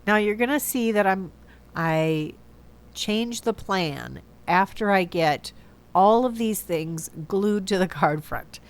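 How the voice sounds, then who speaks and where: A woman's voice: medium pitch, slow. A woman with a stuffy nose from a cold, chatting casually through a card-making voice-over and often correcting herself. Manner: chatty, self-correcting, thinks aloud. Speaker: card-making video host.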